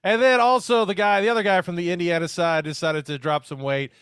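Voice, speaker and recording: A man's voice: high voice, steady tone, brisk, a bit bright, clear, resonant tone, no echo, studio quality. A man co-hosting a casual podcast with a wry, teasing sense of humor. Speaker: podcast co-host.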